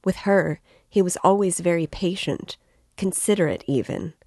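A composed young woman answers firmly and evenly, as a woman reads her aloud. Her voice is low and the recording dry. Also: dark tone, no echo. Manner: firm, measured. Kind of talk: reading a novel aloud.

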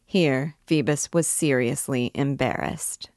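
A woman narrating a classic novel aloud in a measured storytelling manner. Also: sits low, dry recording, studio quality. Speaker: narrator of a read-along.

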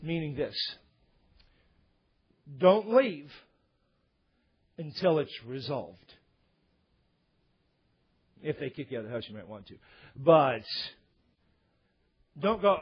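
A man's voice: on the high side, lively intonation, slow, long pauses, slightly rough, muffled recording. A man preaching a sermon, telling a story and acting out the dialogue of the people in it. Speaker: pastor.

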